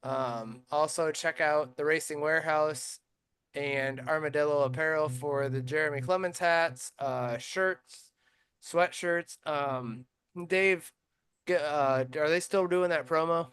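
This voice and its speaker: A man co-hosting a casual racing podcast, reading sponsor plugs between stories. His voice sits a little on the high side. He launches into lively, animated anecdotes packed with ums and uhs. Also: takes it slowly, clean tone, no room sound. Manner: animated storytelling with many fillers. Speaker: podcast host. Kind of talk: casual chat.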